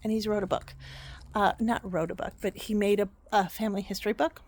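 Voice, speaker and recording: A woman's voice: mid-range voice, fairly even intonation, brisk. A woman vlogger casually telling a fond family story, rambling and correcting herself as she goes.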